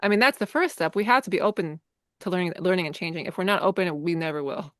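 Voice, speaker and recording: A woman guest on a podcast, speaking in a warm, affirming and reflective way with gentle hesitations. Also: on the low side, fast, dry recording, clean studio sound. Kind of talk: casual conversation.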